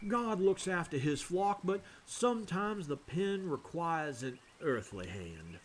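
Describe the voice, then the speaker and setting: A man voicing a mild, gentle village priest from a video game, speaking slowly and soothingly. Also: fairly high pitch, very animated, slight background noise, voice pushed up. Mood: placid.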